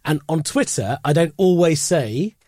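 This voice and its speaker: A man's voice: on the high side, expressive, unhurried, warm tone, no echo, studio quality. A man guesting on a podcast as a comedian, chatting casually and mocking himself. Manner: self-mocking, laughs at his own jokes. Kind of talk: casual chat.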